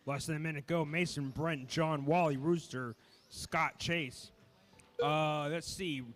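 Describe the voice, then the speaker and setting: A man directing races at an indoor RC car track, briskly calling out driver names, heats and cone positions. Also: on the high side, fairly even intonation, soft background music. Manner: brisk, practical, calls names in quick lists. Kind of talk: announcing driver lineups over a track PA.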